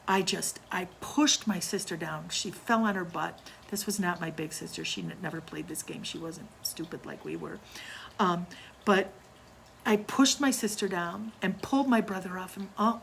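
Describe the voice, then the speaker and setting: An older woman telling a personal ghost story from her childhood, in a hushed, slow way that sometimes drops to near whispers. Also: mid-range voice, creaky, slight background noise, rough recording.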